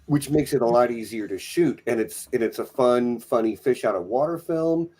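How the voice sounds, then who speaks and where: Co-host, casual film chat, mid-pitched voice, joking asides. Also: normal speed, dark tone, breathy edge. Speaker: podcast co-host.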